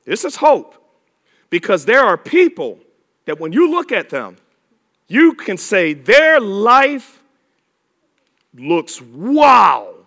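A man preaching a sermon with emphatic repetition, drawing words out and rising to shouts. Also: high-pitched, huge pitch swings, slow, long pauses.

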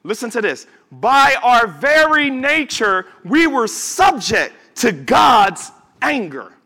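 A man preaching to his congregation in a high, bright voice that swings widely between soft murmurs and sudden shouts. He speaks slowly and stretches key words for emphasis. He also slips into casual, chatty asides to the people in front of him. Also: sing-song. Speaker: pastor. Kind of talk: sermon. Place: church service before a congregation.

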